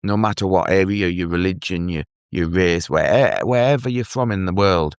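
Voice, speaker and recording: An earnest man telling his own story as a guest in an interview, halting and restarting as he speaks. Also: sits low, clean tone, dry recording, studio quality. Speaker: guest, mental health advocate. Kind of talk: emotional personal story in an interview.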